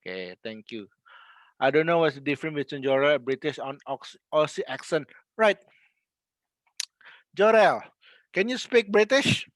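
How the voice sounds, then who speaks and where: Slow-talking male teacher. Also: a little high, lively intonation, fairly bright tone, dry recording. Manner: patient, chatty, with frequent fillers and laughs. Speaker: English teacher. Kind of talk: classroom lesson.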